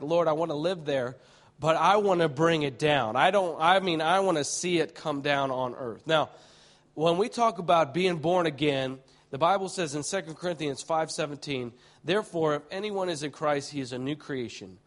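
Excitable preacher man with a higher voice. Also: normal speed. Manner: excitable, many restarts, swings from hushed to shouting. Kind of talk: sermon with vivid storytelling.

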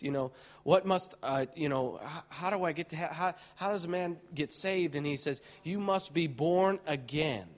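A male preacher telling a vivid vision story in a sermon, excitable and full of restarts, swinging from hushed tones to shouts. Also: fairly high pitch.

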